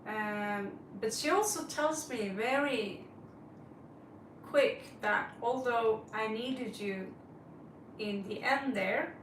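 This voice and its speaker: A woman's voice: on the high side, slow pace, recorded from a distance, slight background noise. A woman hosting a live tarot stream, chatting casually and greeting viewers by name as she rambles. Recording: roomy, set back from the mic.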